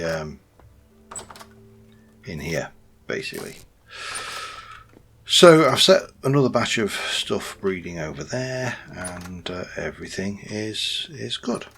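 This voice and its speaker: A man's voice: low voice, expressive, measured pace, vocal fry, a bit bright, slight background noise. A man chatting casually and rambling a little while he plays a game and comments on it. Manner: chatty and rambling, with many fillers. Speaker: let's-play host.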